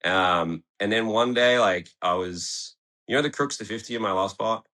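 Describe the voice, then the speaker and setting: A man's voice: fairly low pitch, moderate pace, bright, forceful tone. An Australian man from Tasmania telling a story in a casual studio interview, laid-back, swearing often and laughing as he talks. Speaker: guest skateboarder. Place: podcast studio.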